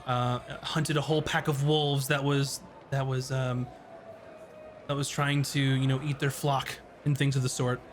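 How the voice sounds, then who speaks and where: A man running a tabletop game as game master, narrating in a rambling, halting way full of fillers. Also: fairly high pitch, a little hiss or hum.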